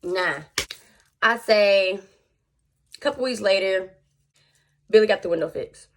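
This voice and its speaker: Animated slangy young woman vlogger. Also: mid-range voice, slow pace. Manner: animated, slangy, talks to viewers. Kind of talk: casual storytime.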